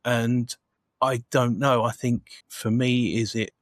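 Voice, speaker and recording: A man's voice: mid-range voice, flat delivery, slow, no echo. A man co-hosting a podcast, talking through a film in an easygoing, agreeable way. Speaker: podcast co-host. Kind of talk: casual film review chat.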